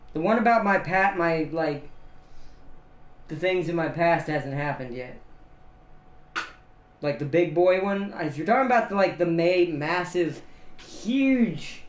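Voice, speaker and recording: Rambling, giggly man in an echoey room. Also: a little high. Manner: rambling, laughs often at his own jokes. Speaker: streamer. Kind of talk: casual livestream chat.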